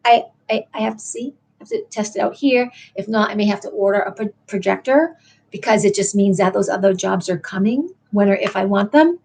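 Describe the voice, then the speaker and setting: A woman's voice: medium pitch, a little fast, gravelly, a little mellow, husky. A middle-aged woman hosting a late-night livestream, chatting in a meandering way and answering viewers in the chat. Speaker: livestream host.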